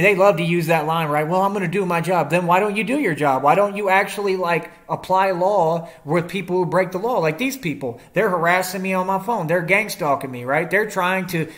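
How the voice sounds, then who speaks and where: A man's voice: sits high, a bit bright. A young man in a confrontational rant to the camera, defiant and combative, using slangy street talk and rhetorical questions. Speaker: vlogger.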